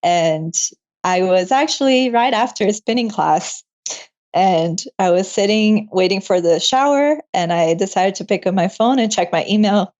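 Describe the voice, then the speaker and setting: A woman's voice: mid-range voice, lively intonation, normal speed, a little mellow, dull audio. A young woman, a medical student, telling her story in a casual interview, emotional and laughing often.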